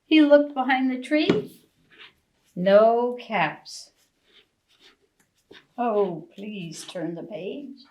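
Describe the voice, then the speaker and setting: A woman librarian reading a picture book aloud to young children, expressive and asking them questions. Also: on the high side, very noisy. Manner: slow, sing-song, expressive, asks children questions. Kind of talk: preschool storytime reading.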